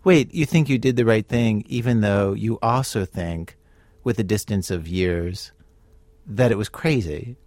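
A man hosting a radio show, narrating a guest's story in a measured, wry way and asking her questions. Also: fairly low pitch, darkish tone, no room sound. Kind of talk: scripted radio narration and interviewing.

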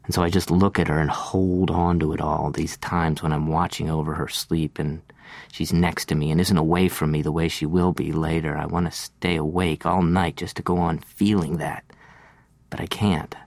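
A man reading a literary first-person monologue, slow and reflective, lingering over details. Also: rumbling low, flat delivery, creaky, darkish tone, no echo.

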